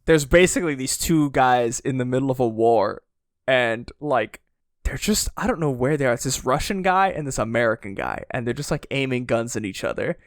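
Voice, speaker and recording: A young man chats on a podcast in an average-pitched voice, recorded close and dry. He tells animated stories full of "like" fillers and leaps into high, disbelieving exclamations. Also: moderate pace, dry recording. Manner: animated storytelling, lots of "like", bursts of disbelief. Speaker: podcast co-host. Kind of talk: casual chat. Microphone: podcast microphone.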